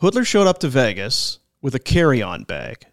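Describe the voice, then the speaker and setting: A man's voice: mid-range voice, huge pitch swings, moderate pace, gravelly. A man hosting a sports podcast, telling locker-room stories in casual chat and acting out the quotes. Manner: chatty anecdotes, acts out quotes. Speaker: podcast host.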